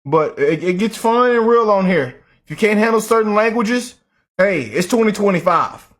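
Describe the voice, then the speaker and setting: A man hosting a casual reaction video, chatty and animated. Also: high-pitched, normal speed. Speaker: reaction host.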